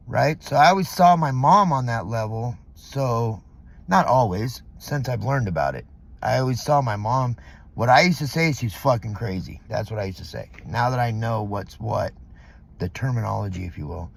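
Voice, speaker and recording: A man's voice: medium pitch, lively intonation, moderate pace, vocal fry. A middle-aged man from Southern California, venting in a rambling, profane vlog monologue full of fillers, recorded in a parking lot. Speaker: vlogger.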